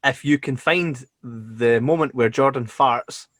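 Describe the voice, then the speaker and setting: A man's voice: mid-range voice, measured pace, no echo, clean studio sound. A Scottish man co-hosting a podcast, chatting casually and jokily, swearing freely. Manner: swears freely, lively and jokey. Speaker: podcast co-host.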